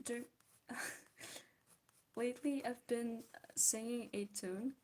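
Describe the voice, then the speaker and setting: A woman's voice: fairly high pitch, steady tone, slow, pauses often, mellow. A young woman streaming while she draws, chatting casually with her viewers, giggling often and answering their comments. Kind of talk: casual chat while drawing.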